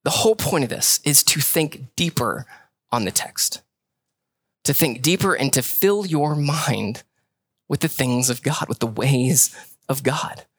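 A young pastor delivers a relaxed, conversational sermon, often repeating himself for emphasis. His voice is bright and forward, and the sound is close and dry, with no room around it. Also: mid-range voice, unhurried, slightly rough, dry recording. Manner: conversational preaching with repeated phrases.

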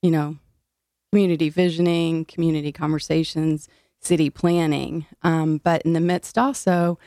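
In a studio-quality interview with no echo, an older woman speaks in a low, mellow voice with little pitch movement and a moderate pace. She directs food policy for a city in Illinois, answers earnestly with many fillers and easy laughter, and seems a bit short of breath.

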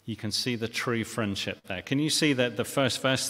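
A man's voice: mid-range voice, moderate pace, few pauses, sharp tone. Preacher man in an echoing church. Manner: earnest, with frequent restarts and rhetorical questions. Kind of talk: sermon. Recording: long reverb of a church hall.

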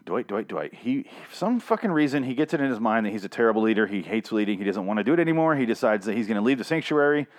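A man's voice: lowish voice, lively intonation, rapid-fire, hardly any pauses. A man casually recapping a comic series, rambling and swearing, with lots of restarts and fillers. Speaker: comic reviewer.

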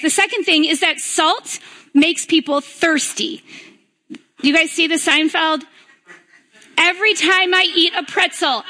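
Bright, high-voiced woman preaching. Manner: conversational, asks "right?" often. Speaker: pastor. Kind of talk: sermon.

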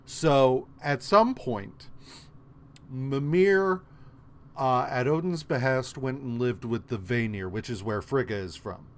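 A man's voice: mid-range voice, slow. A man co-hosting a podcast, casually retelling a story in a rambling, profane way with many fillers. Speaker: podcast co-host. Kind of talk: casual comic recap chat.

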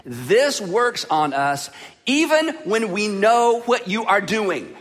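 A pastor preaching a sermon in an animated, conversational way with joking asides. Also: male voice, high voice, slow pace, long reverb tail, slight background noise.

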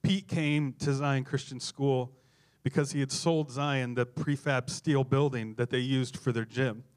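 A man's voice: mid-range voice, fairly even intonation, measured pace, smooth. A middle-aged man, a pastor, preaching a sermon full of humorous, self-deprecating stories. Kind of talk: sermon with storytelling.

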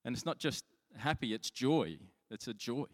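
A man's voice: medium pitch, lively intonation, normal speed. A man delivers a sermon in a loose, conversational way, often stopping to restart a sentence and poking fun at himself. His voice sits in an ordinary middle range. The sound rings out with a long reverb, as in a large hall. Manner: chatty, self-mocking storytelling with many restarts. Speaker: pastor.

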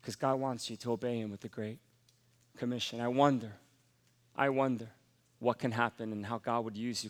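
A man preaching a sermon as pastor, emphatic and rising to forceful exhortation. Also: mid-range voice, in a large hall.

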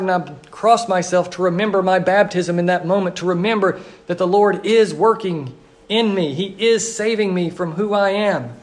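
A man delivers a sermon as a pastor, his voice sitting noticeably high. He speaks earnestly in a repetitive liturgical cadence, slowing down on emphatic phrases.

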